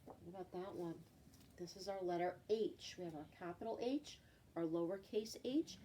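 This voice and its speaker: A woman's voice: fairly low pitch, mellow. Patient woman teaching letters to children. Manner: slow, patient, drawn-out example words. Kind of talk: children's phonics lesson. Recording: voice from a distance, faint background noise.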